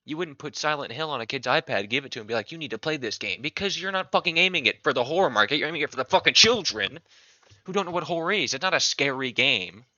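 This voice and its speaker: A man's voice: on the high side, animated, fast, bright, forceful tone, dry recording. A man delivering an angry, profane comedic rant. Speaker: video creator. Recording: dull lo-fi recording.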